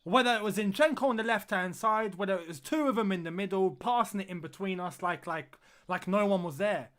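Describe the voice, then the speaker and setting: A man's voice: high voice, a little fast, a bit bright. A man streaming a football watch-along, reacting live to the match and repeating phrases as he groans and exclaims at the play.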